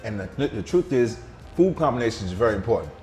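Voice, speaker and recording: A man's voice: on the low side, sing-song, quick pace, a little mellow, faint music behind. Emphatic slangy middle-aged man. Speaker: vegan chef guest. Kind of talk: casual interview chat. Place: restaurant.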